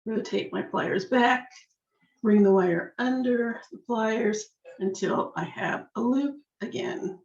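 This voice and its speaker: A slightly hoarse woman teaching a jewelry-making craft step by step, chatting to herself as she works. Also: on the high side, takes it slowly, a little mellow. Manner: chatty, talks to herself while working. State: slightly hoarse, losing her voice. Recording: echoey room, dull lo-fi sound.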